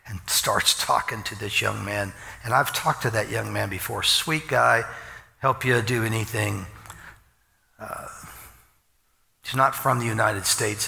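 An older man preaching in a folksy, joking way, telling stories with quick asides. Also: on the low side, gravelly, bright, forceful tone. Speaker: pastor. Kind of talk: storytelling sermon. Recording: long reverb in a large hall.

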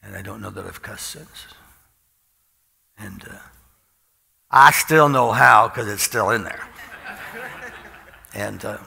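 A middle-aged man delivers an informal sermon in a folksy, storytelling way, chuckling as he goes. His voice is gravelly with a bright, forceful edge. A long hall reverb trails each phrase. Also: lowish voice, takes it slowly, long pauses. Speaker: preacher.

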